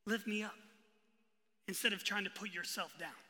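High, bright-voiced male preacher in a hall. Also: moderate pace. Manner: preaching with sudden bursts of emphasis and hushed drops. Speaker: pastor. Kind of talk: sermon. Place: church hall.

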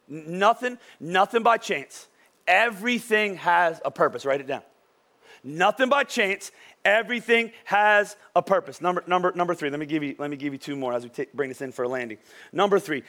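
A male pastor with a high-set voice delivers a sermon like a chat. He jokes with the congregation and keeps tossing in "right?" to check they are following. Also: fairly bright tone. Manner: conversational and joking, keeps asking "right?".

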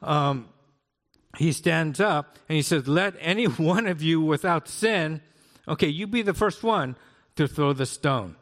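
A man's voice: fairly high pitch, lively intonation, unhurried, a bit bright. A man in his sixties preaching a conversational sermon as a pastor, often checking in with "right?". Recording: long hall reverb.

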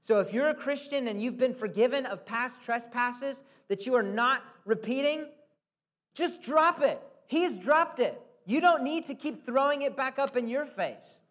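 A man's voice: very high-pitched, expressive, unhurried, a bit bright. A male preacher giving a conversational, earnest sermon, often checking in with the listeners.

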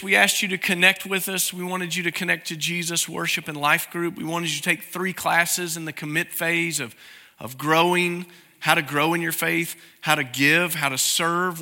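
Earnest bright-voiced pastor. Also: male voice, fairly high pitch. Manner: earnest, grateful, turns soft and emotional. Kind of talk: church announcement from the pulpit. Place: church sanctuary.

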